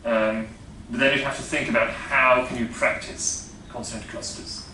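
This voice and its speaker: A man's voice: mid-range voice, fairly even intonation, normal speed, bright, forceful tone, slight background noise. A man with a Dutch accent giving a classroom lecture on phonetics, explaining step by step with many fillers and frequent checks of "yeah?". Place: lecture room. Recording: echoey lecture room from a distance.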